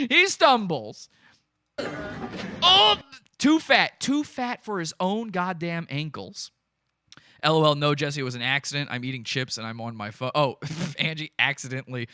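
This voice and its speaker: A podcast host with a slightly high, bright, forceful voice gives gleeful, mocking live commentary on stream footage, breaking into laughter, with slight background noise.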